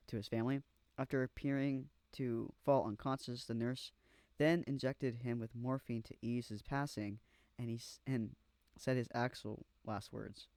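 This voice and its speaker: Young male vlogger, mid-pitched, dry close sound, casual reactions, swears and stumbles. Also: moderate pace, a little mellow, clear, resonant tone, dry recording. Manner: casual slangy, swears, stumbles while reading aloud.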